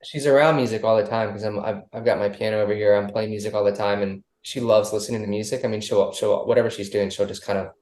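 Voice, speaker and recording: Rambling male guest, low voice, roomy sound. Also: steady tone, fast, hardly any pauses, darkish tone. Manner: loose and rambling, many restarts. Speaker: musician guest. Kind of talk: casual interview chat. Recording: roomy echo.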